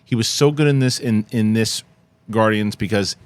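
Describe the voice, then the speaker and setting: A man hosting a casual film discussion, animated and laughing as he retells scenes. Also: on the low side, normal speed, clear, resonant tone, dry recording. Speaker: host.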